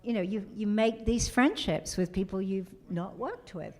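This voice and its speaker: A middle-aged woman, guest of honor at a convention panel, telling lively stories and acting out quotes. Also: mid-range voice, normal speed. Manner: animated storyteller who acts out quotes.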